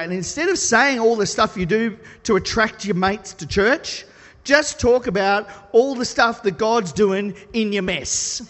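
High-voiced man preaching in a hall. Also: a little slow. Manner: animated, self-deprecating storytelling. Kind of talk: sermon. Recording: long reverb of a large hall.

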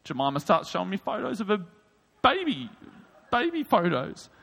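A man preaching a sermon, telling a comic story in an animated way with quick asides. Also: sits high, creaky, husky. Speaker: pastor. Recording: reverberant hall.

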